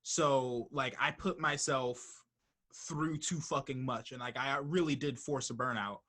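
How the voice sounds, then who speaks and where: A young man hosting a casual podcast chat, telling stories in a lively, profane way. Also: medium pitch, unhurried. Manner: animated, profane storytelling. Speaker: podcast host. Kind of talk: casual conversation.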